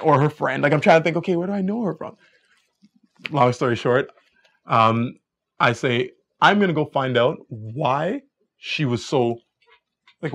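A young man coaching a room full of guys on dating, talking fast and loose with plenty of energy. His voice sits in an ordinary middle range, and he jumps up into higher, sillier voices whenever he quotes someone. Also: creaky, fairly bright tone, husky. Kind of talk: live dating lecture.

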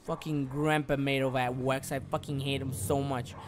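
A man's voice: mid-range voice, level tone, moderate pace, slight background noise. A man streaming live gameplay, frustrated, swearing and repeating himself as he talks through the game.

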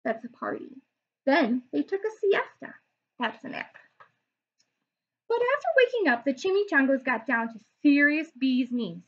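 A woman teacher reading a children's storybook aloud in a lively way, stopping to explain words for young listeners. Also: sits high, moderate pace. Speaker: preschool teacher. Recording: dull lo-fi recording.

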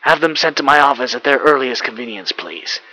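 A man voicing a smooth, scheming male colonel with a polished, courteous manner, in an audiobook reading. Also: mid-range voice, expressive, a little fast, pushed and bright, poor audio. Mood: pleased.

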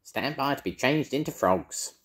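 A man's voice: medium pitch, lively intonation, unhurried, pitched above the performer's own voice. An older man voicing a screeching, cackling evil witch for a storybook reading. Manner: screeching, loud, snorting.

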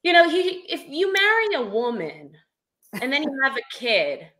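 Bright, dry-witted young woman. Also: high voice, huge pitch swings, normal speed. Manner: dry, sarcastic. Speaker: guest comedian. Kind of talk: casual podcast chat.

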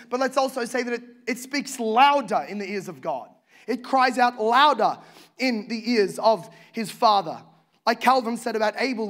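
High-voiced impassioned male preacher. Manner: impassioned, swings from hushed to loud. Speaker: pastor. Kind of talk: sermon.

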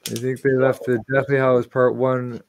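Male co-host, easygoing, mid-pitched, reads comments aloud. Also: level tone, normal speed, gravelly, darkish tone. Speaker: livestream co-host. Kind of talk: casual chat during a toy build.

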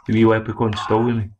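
A young Scottish man giving rowdy, sweary commentary while he plays a boxing game. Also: lowish voice. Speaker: gaming channel host. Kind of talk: let's play commentary. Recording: loud game and clicking noise behind.

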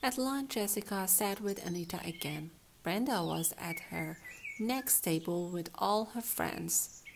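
A woman reading a children's picture book aloud in a gentle, expressive storytelling manner. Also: fairly low pitch, measured pace, vocal fry, background noise.

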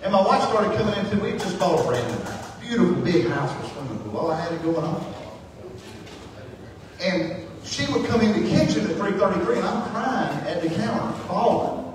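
A man preaching his testimony, impassioned, swinging from hushed words to shouting. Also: sits high, lively intonation, moderate pace, noisy background. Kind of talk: sermon testimony. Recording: echoey hall, distant mic.

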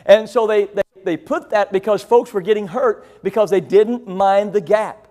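A man's voice: high voice, normal speed, dark tone. A middle-aged man from rural Illinois preaching a sermon, telling a long family story in a folksy, rambling, self-deprecating way. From rural Illinois, USA. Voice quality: deaf in one ear. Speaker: pastor.

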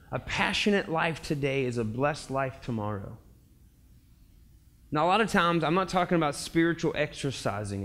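A young man giving a casual, conversational sermon as a pastor, telling stories and acting out quotes. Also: mid-range voice. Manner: animated storytelling, acts out quotes, laughs often. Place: church sanctuary.

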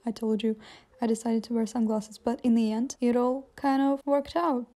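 A woman's voice: a little high, level tone, moderate pace, mellow, no echo. A young woman who is not a native English speaker, chatting casually to camera outdoors by a campfire, often exclaiming and repeating words. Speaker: vlogger. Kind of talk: casual vlog talk to camera.

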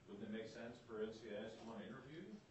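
A man interviewing, firing brisk, pointed questions and saying okay between answers. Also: fairly low pitch, lively intonation, darkish tone, slight background noise. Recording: roomy audio from a distance.

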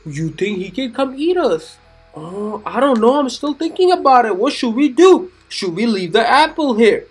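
A woman's voice: on the high side, very animated, moderate pace, breathy edge, faint music behind. A woman narrating a children's cartoon in a gushing, exclamatory way, keeps asking the young viewers questions. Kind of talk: chatty commentary for children.

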